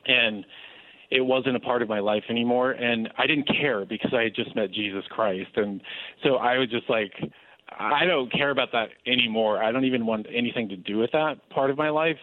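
A man telling his personal story as an interview guest, earnest and animated, with frequent restarts. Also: medium pitch, normal speed, no room sound. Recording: dry tinny phone-like line.

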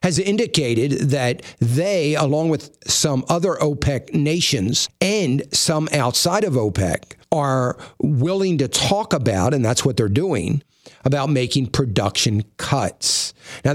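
A man giving a measured, explanatory market commentary segment on radio. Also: mid-range voice, dry recording, clean studio sound. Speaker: financial commentator.

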